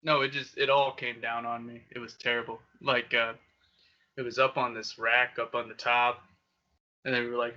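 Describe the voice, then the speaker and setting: A man's voice: medium pitch, flat delivery, normal speed, sharp tone, lo-fi sound. A young man co-hosting a casual podcast, telling crude stories and laughing often. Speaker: podcast co-host. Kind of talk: casual chat. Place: Okinawa.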